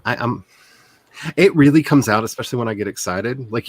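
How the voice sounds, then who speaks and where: A man's voice: mid-range voice, fairly quick, dry recording. A man from the Ozarks who is an author, hosting a writing stream in a casual, rambling chat. He talks in a neutral voice that is not his natural one and laughs often.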